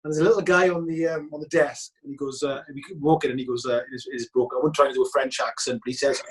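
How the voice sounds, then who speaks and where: A man's voice: mid-range voice, very fast, low-quality recording. A Welsh man telling football-trip stories in casual chat, acting out the voices of the people he quotes. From Wales. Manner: animated, acts out quoted voices. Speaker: guest.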